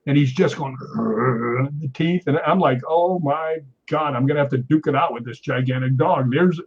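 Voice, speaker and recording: A man, a guest on a chat show, telling an animated story and tagging his sentences with "right?". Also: on the high side, fairly quick, slightly rough, muffled recording.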